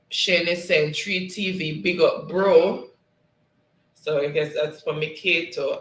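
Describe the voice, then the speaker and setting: A man's voice: fairly high pitch, a bit bright, roomy sound, poor audio. A man hosting a casual livestream, reading viewers' comments aloud in a friendly way and laughing often. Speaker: livestream host.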